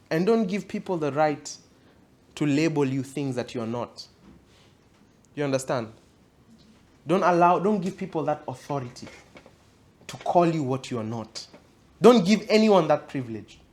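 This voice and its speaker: A man preaching a sermon at a church event, emphatic, often asking the audience if they understand. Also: medium pitch. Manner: emphatic, repeats questions to the audience.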